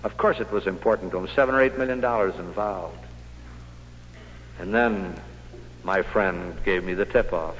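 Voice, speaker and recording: A man's voice: deep voice, moderate pace, long pauses, fairly bright tone, slight background noise. Male speaker, motivational sales talk, punchy rhetorical style; long hall reverb, muffled vintage recording. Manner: punchy storytelling with rhetorical questions. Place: meeting hall with audience. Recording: echoey hall on dull old recording.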